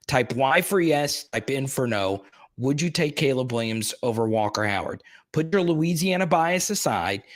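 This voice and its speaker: Excitable man hosting a sports stream. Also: mid-range voice. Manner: excitable, talks straight to the chat, repeats himself. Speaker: sports live stream host. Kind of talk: casual live stream chat.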